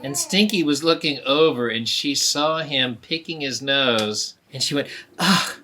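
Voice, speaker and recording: A woman telling a story live to children, animated and asking them questions along the way. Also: very deep voice, unhurried.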